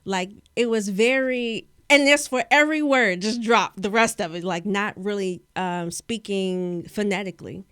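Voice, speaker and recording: Speaking at a moderate pace with few pauses, this Maryland woman's medium-pitched voice sounds clear, resonant and a bit bright. She is young, coaches public speaking, and recounts her story in a relaxed interview using precise, well-articulated speech. The audio is studio quality, free of echo.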